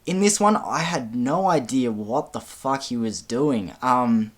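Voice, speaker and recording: A man's voice: mid-range voice, measured pace. A man giving a casual film review, speaking frankly with frequent ums and casual swearing.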